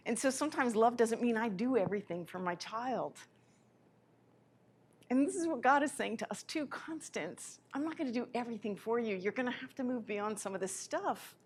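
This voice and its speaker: A woman giving a live spiritual lecture in an impassioned way, her voice swinging between soft, quiet passages and sudden loud ones. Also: on the high side, breathy edge.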